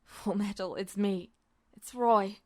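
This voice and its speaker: A woman voicing a frantic, guilt-ridden grown man who pleads in a hoarse, lowered voice in a fanfiction audiobook. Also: level tone, slow pace. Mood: pleading.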